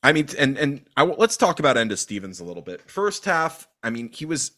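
A man co-hosting a casual football podcast, talking loosely with lots of fillers and animated bursts. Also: fairly high pitch, fairly quick. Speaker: podcast co-host.

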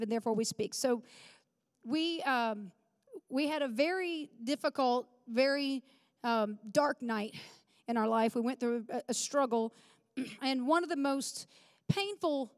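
A woman pastor in her forties, with a high voice, preaches a sermon in a church sanctuary, praying fervently and earnestly telling a personal story. The sound is clean studio quality but carries the long reverb of a large hall.

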